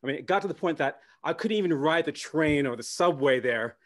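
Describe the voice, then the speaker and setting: A Canadian man performing a stand-up comedy set, animated and slipping into character voices. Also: on the high side, a little fast. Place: comedy club stage with audience.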